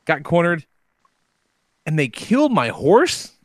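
A man's voice: on the high side, wildly swooping pitch, slow pace, fairly bright tone, no echo, clean studio sound. A young man hosting a podcast, telling a game story in casual chat, swearing and acting out quotes. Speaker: podcast host.

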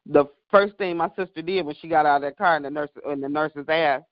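A man sharing on a prayer call, halting and rambling with many restarts. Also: a little high, no room sound. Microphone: phone call. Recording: dull lo-fi phone line.

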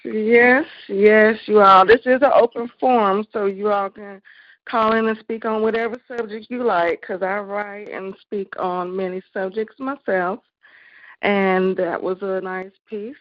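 A woman hosting a live poetry call-in show, encouraging and unhurried as she talks with callers. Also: medium pitch, fairly even intonation, no room sound. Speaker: host of an online poetry show. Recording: dull, lo-fi online stream.

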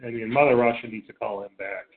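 A man co-hosts a casual sports radio chat, blunt and swearing freely, often stammering and restarting. His voice sits at an ordinary middle pitch. It comes through thin and narrow, like a phone line. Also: fairly even intonation, fast. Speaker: radio show co-host. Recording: phone-like lo-fi sound.

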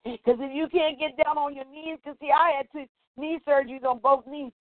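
An older woman preaches in a high voice, repeating her calls to prayer with fervor. Her voice comes through a thin, phone-like line. The sound is dry and close, with no room around it. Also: fairly even intonation, normal speed, dry recording. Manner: repetitive, fervent preaching with chanted calls. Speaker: minister. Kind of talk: sermon.

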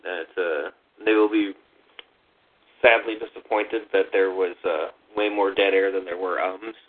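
Hesitant low-voiced man, lots of ums. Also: steady tone, unhurried. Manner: hesitant, full of ums and uhs. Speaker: podcast host. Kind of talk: casual chat. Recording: phone-like lo-fi line.

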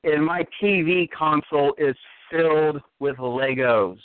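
An enthusiastic man in his late thirties, a guest chatting casually and joking on a podcast. His voice sits a bit high, and it comes through dry and thin, like a phone call. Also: unhurried, clear, resonant tone, dry recording. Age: 30s. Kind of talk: casual chat.

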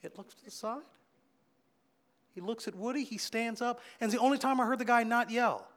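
A middle-aged man delivering a sermon from the pulpit in a high, lively voice. He tells stories with folksy repetition and swings from quiet, low asides to loud, raised bursts. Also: normal speed, pauses often. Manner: animated storyteller, big swings in loudness and pitch; folksy, repeats phrases for emphasis. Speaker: pastor.

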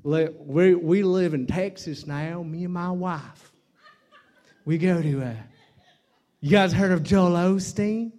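A man's voice: high-pitched, measured pace. A man, a guest pastor opening his sermon with jokes and playful put-on voices. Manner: joking, playful, does voices and accents.

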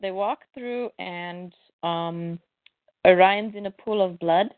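A woman's voice: fairly low pitch, slow pace, dry recording. A woman co-hosting, chatting about a comic in a hesitant, thinking-aloud way, heard over a tinny phone-like line. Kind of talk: casual chat about a comic.

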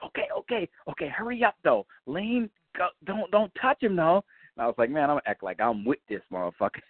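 Man, casual storyteller, very lively intonation, crude and animated, thin phone-line sound. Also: medium pitch, no echo. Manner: animated, profane, acts out quoted dialogue. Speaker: guest musician telling a story. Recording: tinny phone-like line, dry.

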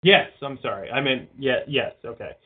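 A man's voice: mid-range voice, lively intonation, normal speed. A man co-hosting a podcast in casual, rambling chat, swearing freely and leaning on "like" a lot. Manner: rambling, swears often, leans on "like". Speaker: podcast co-host. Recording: tinny phone-like line.

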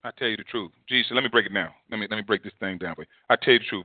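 A man preaching a sermon, emphatic and repetitive, swinging between loud and soft. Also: lowish voice, very fast, hardly any pauses, dry recording. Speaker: pastor. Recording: dry phone-like audio.

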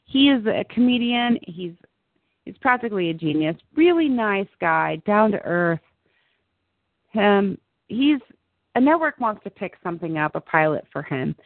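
A woman's voice: mid-range voice, sing-song, measured pace, creaky, no room sound. A woman hosting a show, chatting casually, laughing often and repeating words as she goes. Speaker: show host. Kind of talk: casual chat about TV. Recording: tinny phone-like line, dry.

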